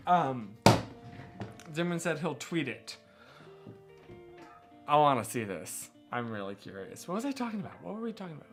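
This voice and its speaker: A man's voice: a little high, sing-song, normal speed, pauses often, music in the background. A man hosting a live stream, chatting casually and playfully with viewers, poking fun at himself and laughing often, speaking from a room at home. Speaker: livestream host.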